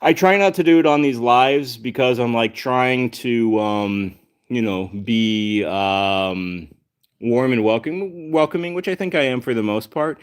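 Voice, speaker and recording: A man's voice: medium pitch, measured pace, clear, resonant tone. A man hosting a casual livestream, reading chat aloud and chatting to his cats, with dry sarcastic humor.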